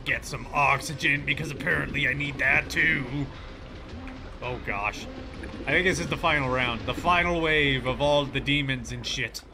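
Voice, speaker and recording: A man commenting on his own horror game playthrough, excitable, yelling and cursing at enemies, with game music behind him. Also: mid-range voice, moderate pace. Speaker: gaming channel host. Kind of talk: let's play commentary.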